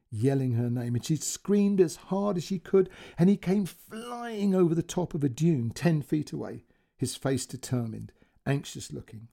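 A male storyteller narrates a short story with feeling and expression. His voice is dark and mellow, with a gravelly fry and a husky edge. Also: on the high side. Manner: expressive, emotional reading.

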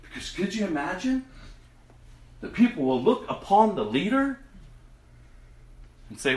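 A male pastor preaching with fervour, his voice sitting a little high and swinging widely in pitch. He drops to hushed tones and then surges loud, and the sound rings in an echoey room. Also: big pitch swings, unhurried, long pauses. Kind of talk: sermon.

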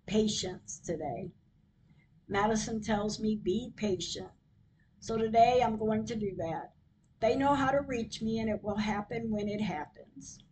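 A woman hosting her own podcast, reading her diary entries aloud in a slow, measured way. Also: a little high, a little mellow, slight background noise, rough recording. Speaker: podcast host.

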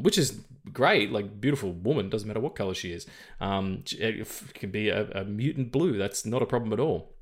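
A man co-hosting a film podcast, talking casually and rambling, with lots of fillers, restarts and swearing. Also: mid-range voice. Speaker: podcast co-host.

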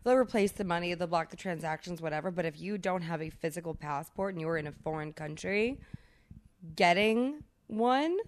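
Woman cohost, lowish voice, chiming in with yeahs and takes on the story. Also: expressive, normal speed, slight background noise. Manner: reactive listener, short affirmations. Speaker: podcast co-host. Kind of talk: casual chat.

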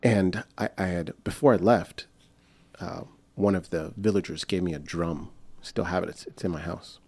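Low, creaky, dark and husky, this young man's voice moves at a normal speed with no room sound. The American guest is rambling through a story in casual conversation, restarting often and using lots of fillers as he performs the quoted voices.

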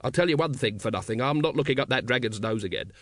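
A man doing a tired, bitter captain of the city watch, gruff and dry in his speech. His voice moves lively up and down, read close on a dry audiobook mic. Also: mid-range voice, quick pace, dry recording, natural voice. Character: weary, bitter sacked male watch captain.

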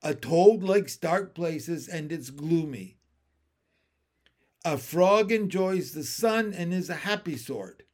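Brief: man voicing a fussy female pond frog, teacherly and bossy, raised lively pitch, slow storybook pace. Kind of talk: storybook read-aloud.

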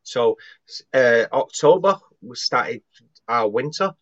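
A man, a guest psychic medium on a video call, talking in a rambling, halting way with many restarts. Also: medium pitch, expressive, no echo, highs cut off. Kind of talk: casual live-stream chat.

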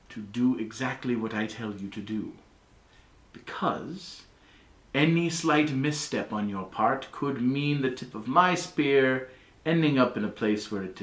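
A man narrating a tabletop game as game master, casual and loose, full of "like" and quick laughs. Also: medium pitch, expressive, fairly bright tone. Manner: casual, lots of "like", laughs often. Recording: roomy echo.

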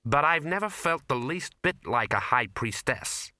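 A man voicing a sharp, skeptical young woman who talks briskly. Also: mid-range voice, expressive, no echo, clean studio sound, pitched above the performer's own voice.

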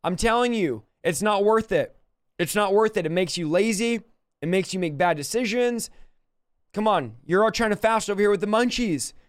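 A man's voice: high-pitched, animated, moderate pace, dry recording, studio quality. A man preaching and praying with fervent, repetitive exhortation. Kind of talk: sermon with prayer.

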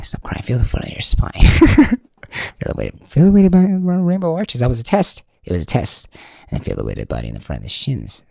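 Brief: a teasing male meditation host, gravelly, with a lively up-and-down delivery. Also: on the low side, no echo, clean studio sound. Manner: playful and teasing, laughs often, jumps into voices. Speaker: podcast host. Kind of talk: meditation podcast talk.

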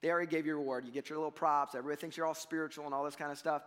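A pastor delivers his sermon in a loose, conversational way, animated as he acts out the voices of the people he describes. His voice sits high and bright. The sound carries the long reverb of a church hall. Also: racing, smooth. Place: church sanctuary.

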